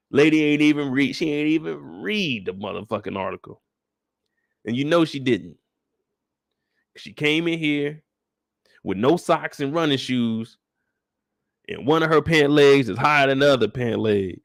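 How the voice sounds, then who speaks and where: A man hosting a casual live show recap, telling it in a profane, animated way. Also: medium pitch, unhurried, gravelly, pauses often, dry recording, clean studio sound.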